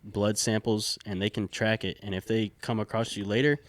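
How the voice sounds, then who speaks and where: A man's voice: lowish voice, flat delivery, normal speed, dry recording. A man co-hosting a podcast, chatting casually in a loose, rambling way with offhand swearing. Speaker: podcast co-host. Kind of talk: casual chat.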